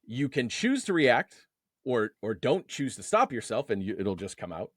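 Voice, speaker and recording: A man's voice: mid-range voice, moderate pace, no echo. A man talking as an interview guest in a mid-range voice. He explains his ideas through homely analogies and pushes up on the words he wants to land. The sound is close and dry. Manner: explains through everyday analogies, animated lift on key words. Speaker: guest, men's emotional coach. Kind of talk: conversational interview.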